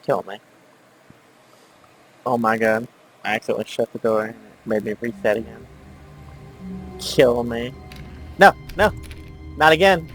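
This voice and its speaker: A man's voice: mid-range voice, lively intonation, fairly quick, a bit bright, soft background music. Crude, mocking man playing a game. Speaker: player commentator. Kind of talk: casual gameplay commentary. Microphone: cheap microphone.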